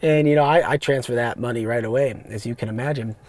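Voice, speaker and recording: A man, hosting a podcast and telling rambling, animated stories about his rideshare driving. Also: mid-range voice, fast talker, dry recording. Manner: animated, rambling, frequent restarts and fillers. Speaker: podcast host, rideshare driver. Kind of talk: casual storytelling monologue. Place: parked car.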